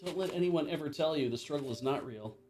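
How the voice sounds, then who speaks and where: A man's voice: fairly high pitch, lively intonation, fast talker, a little mellow, faint music behind. Rambling man hosting a stream. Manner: rambling, self-mocking, swears casually. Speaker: livestream host. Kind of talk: casual chat while unboxing and playing games.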